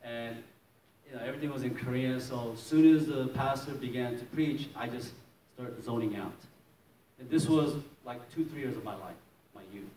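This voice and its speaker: A man from Maryland preaches his testimony with lively storytelling, acting out scenes and laughing often. His voice sits at an ordinary pitch and sounds a little far from the microphone. The church hall adds a roomy echo over a faint hiss. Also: normal speed. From Maryland, USA. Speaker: pastor. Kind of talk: testimony sermon. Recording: roomy echo, distant mic, faint noise.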